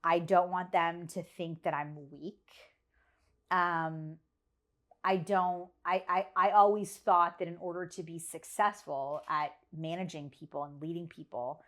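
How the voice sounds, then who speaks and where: A woman's voice: fairly low pitch, fairly even intonation, unhurried, fairly bright tone. A woman speaking as a podcast guest, telling a personal story candidly, with earnest emphasis and repeated phrases. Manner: candid about struggles. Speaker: podcast guest, business leader.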